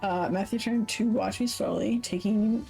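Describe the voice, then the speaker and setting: A woman's voice: mid-range voice, steady tone, normal speed, gravelly, warm tone, soft background music, poor audio. Woman streamer reading a game aloud, swearing casually. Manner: casual, swears freely, laughs often, corrects herself mid-sentence. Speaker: Twitch streamer. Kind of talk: reading a visual novel aloud with live commentary.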